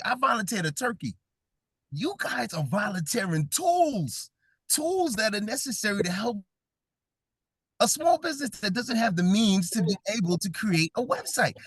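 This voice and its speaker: Brooklyn guy doing a funny pep talk, bit higher voice, bouncy, laughs a lot, dry close sound. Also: breathy edge, no echo. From Brooklyn, New York. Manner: joking, audience-engaging, laughs often. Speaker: event speaker. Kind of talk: comedic motivational talk.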